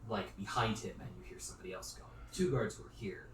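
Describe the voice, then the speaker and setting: A man's voice: lowish voice, quick pace. A man narrating as game master of a tabletop game, talking loosely with many fillers. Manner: rambling, filler-heavy narration. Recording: roomy echo, distant mic, faint noise.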